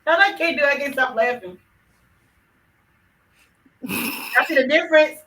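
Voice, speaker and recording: A woman's voice: high-pitched, measured pace, bright, forceful tone, recorded from a distance, slight background noise, low-quality recording. A woman co-hosting a podcast in casual chat who breaks into laughter often. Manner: giggly, laughs often while talking. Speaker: podcast co-host.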